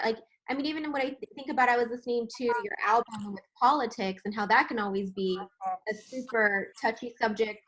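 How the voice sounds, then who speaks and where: A woman's voice: on the high side, fairly quick, fairly bright tone, poor audio. A woman hosting an interview, chatty and enthusiastic in casual conversation. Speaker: interview host.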